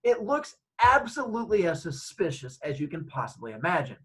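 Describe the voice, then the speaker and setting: A man's voice: a little high, fairly quick, low-quality recording. A man hosting his own show, telling an anecdote casually and acting out the dialogue. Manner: animated, acts out dialogue. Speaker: host. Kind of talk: casual storytelling.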